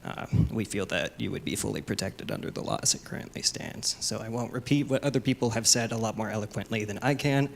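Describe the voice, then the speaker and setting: A man's voice: lowish voice, quick pace, creaky, hardly any pauses, a little hiss or hum. A man representing an advocacy group, giving composed, formal testimony at a council meeting.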